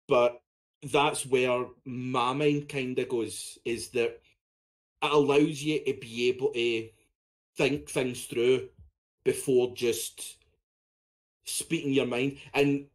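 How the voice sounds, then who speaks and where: A man co-hosting a podcast in casual, blunt, sweary chat. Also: medium pitch. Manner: blunt, sweary, talks in short bursts. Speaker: podcast co-host.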